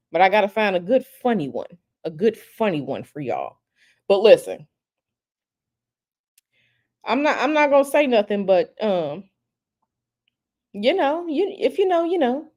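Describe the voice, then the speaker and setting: Woman livestream host at home, slightly high voice, casual and teasing, hints at gossip. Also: big pitch swings, a little fast. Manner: chatty and teasing, hints at gossip, repeats herself. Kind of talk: casual live chat reading viewer comments.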